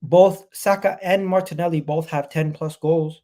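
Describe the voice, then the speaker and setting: A man's voice: a little high, steady tone, normal speed, hardly any pauses, warm tone. A man with a cold and a nasal voice, hosting a live fan reaction stream about his football club, talking in an emphatic, repetitive, hyped way. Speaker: football fan channel host.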